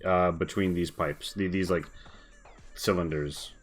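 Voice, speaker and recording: Very low voiced guy playing a tabletop game, rambly with lots of likes and ums. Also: fairly even intonation, measured pace, faint music behind. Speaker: player. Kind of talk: casual tabletop game chat.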